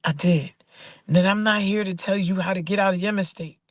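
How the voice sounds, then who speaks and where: Woman, poet-host, emphatic and preachy, dry close sound, mid pitch. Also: steady tone, fast, no room sound. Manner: preachy, emphatic, repeats phrases. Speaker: poet and artist. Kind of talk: casual inspirational talk.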